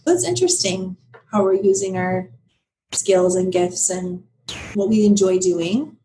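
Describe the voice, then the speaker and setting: A woman guest talks candidly in a relaxed podcast interview, her voice mid-pitched. She is animated and laughs often, with a faint hiss of noise behind her. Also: a little slow, rough recording. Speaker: guest, business founder. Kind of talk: casual interview conversation.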